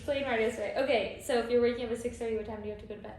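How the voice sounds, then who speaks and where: A woman's voice: fairly high pitch, steady tone, rapid-fire, darkish tone, far from the mic. A young woman hosting a casual chat, upbeat and prodding with questions, a little tired. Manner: upbeat, prodding interviewer, chatty. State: tired, yawning. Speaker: host. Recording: echoey room, off-mic, faint noise.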